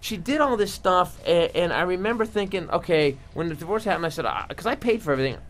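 A middle-aged man, a comedian guest in a radio studio, telling stories in a rapid, exaggerated way, often laughing through his punchlines. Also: high-pitched, animated, a bit bright, slight background noise. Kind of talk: animated comic storytelling.

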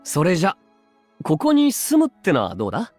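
An actor voicing an easygoing, protective young man who gently teases his girlfriend in a game's dub dialogue. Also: high voice, wildly swooping pitch, rapid-fire, no echo, soft background music, heavily acted. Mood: teasing. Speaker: game character voice. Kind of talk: Japanese dub game dialogue.

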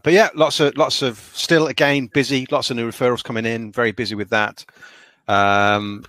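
A man's voice: lowish voice, fairly bright tone, no echo. A middle-aged man, a dentist hosting a casual chat, rambling on in a chatty way. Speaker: dentist, podcast host.

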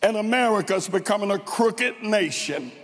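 A man from Tennessee with a Southern accent, preaching a fervent sermon with drawn-out, dramatic emphasis in a large church. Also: sits high, animated, a bit bright, soft background music. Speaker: guest preacher. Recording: long reverb in a large church.

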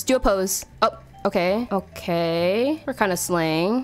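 A young woman commenting excitedly on her gameplay, bubbly and given to squeals, calling her teammate girl. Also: medium pitch, slow. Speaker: gaming YouTuber. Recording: faint music behind.

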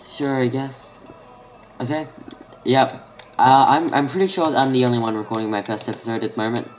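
A man's voice: medium pitch, steady tone, a little fast, slight background noise. A man with an Australian accent giving casual gameplay commentary, thinking aloud and muttering half-finished sentences to himself. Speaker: gaming channel host.

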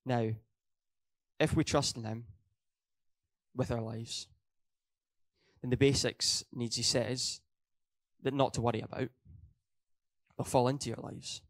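A man's voice: medium pitch, fairly even intonation, slow pace, pauses often. A young man preaching a sermon in a church hall, earnest, hammering his points home by repeating them and correcting his own slips.

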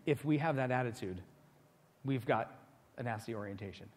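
A man preaching a sermon as pastor, animated and conversational, acting out quoted voices. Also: mid-range voice, normal speed. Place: church sanctuary. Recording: long church hall reverb.

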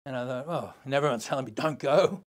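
An older man with an Australian accent, a podcast guest telling a long story in a lively, casual way, acting out other people's lines. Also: medium pitch, fast. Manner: animated, swearing, acts out other voices.

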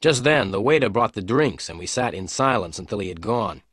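A man reading a detective story aloud in clear, measured narration for English learners. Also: on the low side, animated, fairly bright tone, no room sound, studio quality. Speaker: audiobook narrator.

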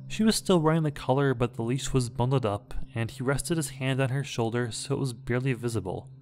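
A man reading a scary story aloud in a measured, dramatic way. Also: mid-range voice, darkish tone, faint music behind. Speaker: horror story narrator. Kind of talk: scripted horror story narration.

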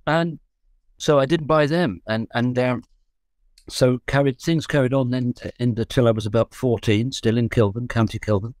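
A man's voice: mid-range voice, fairly even intonation, normal speed, a little mellow, dry recording, clean studio sound. Older man telling rambling stories. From London. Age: 70s. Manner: rambling, self-correcting, joking. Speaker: guest musician. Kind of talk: relaxed storytelling.

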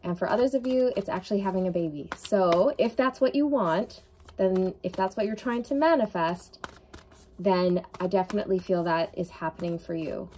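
Woman tarot reader, earnest, emotional, lots of fillers, mid-pitched voice. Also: normal speed, darkish tone, a little hiss or hum. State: tearful at times. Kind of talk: intuitive tarot reading to camera.

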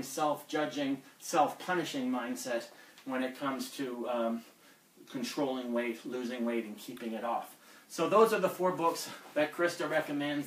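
A man's voice: on the high side, fairly bright tone, roomy sound, recorded from a distance, poor audio. A man coaching fitness on a live stream, blunt and lecturing as he talks through diet advice.

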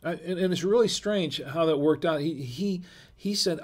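A man's voice: on the high side, moderate pace. A middle-aged man hosting a wine livestream, chatting casually with many restarts and reading viewer comments aloud. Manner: rambling, many restarts and fillers; reads viewer chat aloud. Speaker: livestream wine show host.

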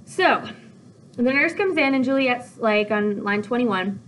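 Casual woman teacher, highish, animated and conversational. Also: a little slow, a little hiss or hum, poor audio. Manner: chatty, animated, with many "like"s and "okay?"s. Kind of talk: casual video lesson.

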